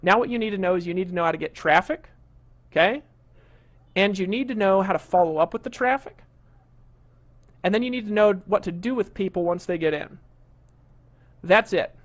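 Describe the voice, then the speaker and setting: A man's voice: high-pitched, a little fast, long pauses. A middle-aged man hosting a live marketing webinar, talking in a pushy salesman's way and scolding a complaining attendee. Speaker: webinar host.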